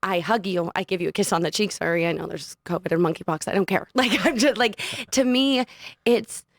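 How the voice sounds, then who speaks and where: A young adult woman, a podcast guest, telling a personal story in an animated, casual way and laughing often. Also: lowish voice, fairly quick, dry recording, studio quality. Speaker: podcast guest, studio owner. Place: podcast studio.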